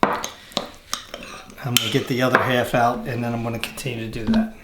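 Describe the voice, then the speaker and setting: A man hosting a casual cooking show outdoors, walking through a recipe step by step in a relaxed way. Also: medium pitch, moderate pace, roomy sound, very noisy. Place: outdoors, windy.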